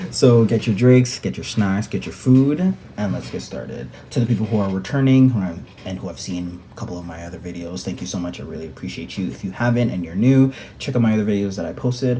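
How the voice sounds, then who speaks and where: Lively young man telling a story. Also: low voice, a little hiss or hum. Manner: animated, joking, many fillers. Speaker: vlogger. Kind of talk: storytime vlog.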